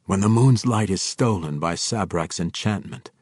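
A man voicing a scheming dark elf. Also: sits low, moderate pace, slightly rough, no echo, clean studio sound.

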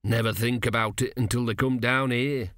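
A man reading an audiobook, voicing a weary, patient veteran male embalmer who speaks slowly. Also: mid-range voice, steady tone, a bit bright, no room sound, studio quality, close to an everyday voice. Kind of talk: audiobook character voice.

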